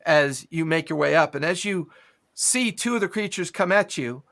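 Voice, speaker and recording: A man's voice: on the high side, animated, moderate pace, creaky, fairly bright tone. A man narrating a tabletop horror game as game master, adding his own gunfire and impact sounds.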